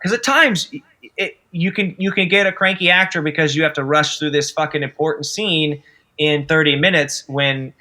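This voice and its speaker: A man's voice: a little high, normal speed, pushed and bright. A man guest on a podcast, a film director in casual interview chat, enthusiastic and swearing often. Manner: enthusiastic, profane, acts out quotes.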